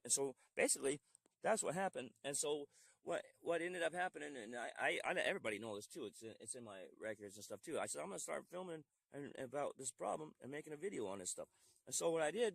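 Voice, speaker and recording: A man's voice: medium pitch, no room sound. A man who is a veteran, retelling his grievances in a recorded phone call with many restarts and quoted back-and-forth. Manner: frustrated storytelling, many restarts and quoted dialogue. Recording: faint quiet voice over phone.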